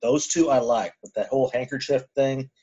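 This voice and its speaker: Mid-pitched man in casual podcast chat. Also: mellow, breathy edge. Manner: measured, repeats himself, interjects agreement. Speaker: podcast co-host. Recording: dull lo-fi podcast audio.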